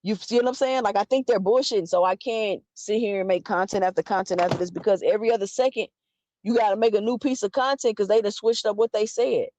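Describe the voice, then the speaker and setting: A woman's voice: medium pitch, no echo. A woman giving an opinionated boxing commentary, emphatic and full of rhetorical questions. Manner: animated, emphatic, rhetorical questions, quick restarts. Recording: dull lo-fi dry sound.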